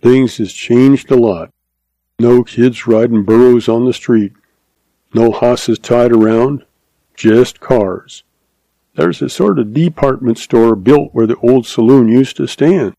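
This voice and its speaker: A man's voice: medium pitch, slow, vocal fry, mellow, dry recording, low-quality recording. A man reading an old-west story aloud in a drawling cowboy dialect, plain and dry in manner. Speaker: narrator.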